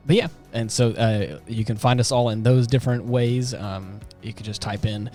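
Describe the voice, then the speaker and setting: A man co-hosting a podcast in casual chat, rambling and halting, laughing often. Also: lowish voice, steady tone, mellow, soft background music. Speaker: podcast co-host.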